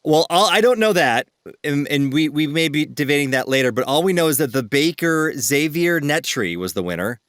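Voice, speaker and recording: A man chatting as a podcast co-host, joking his way through a news story. His voice swings lively up and down in a fairly high register. The sound is dry and close. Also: moderate pace, no room sound. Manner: playful, reads news with jokes. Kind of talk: casual podcast chat.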